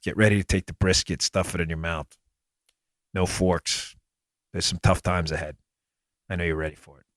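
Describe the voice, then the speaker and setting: Male podcast host, impassioned and indignant, low voice, dead-dry booth sound. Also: level tone, normal speed, long pauses, a bit bright, no room sound. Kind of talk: political commentary monologue.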